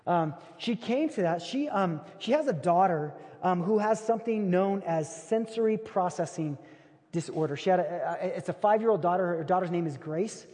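A man's voice: high-pitched, normal speed. A male pastor preaching a sermon, telling a story in a loose, conversational way. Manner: conversational, animated retelling. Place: large church auditorium. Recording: long hall reverb.

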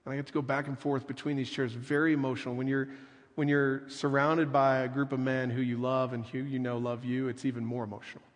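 A male pastor preaching in an earnest, unhurried way, letting his voice fall soft and quiet to drive a point home. His medium-pitched voice rings out with a long reverb, as if filling a large church hall. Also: little pitch movement. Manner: slow, earnest preaching with soft dramatic drops. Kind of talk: sermon.

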